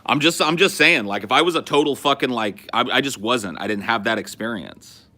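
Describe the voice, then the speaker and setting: A man's voice: mid-range voice, fairly quick, pushed and bright. A man in his forties from California, hosting a podcast and telling loose, profane stories. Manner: loose, profane storytelling with frequent restarts. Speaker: podcast host. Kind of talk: casual chat.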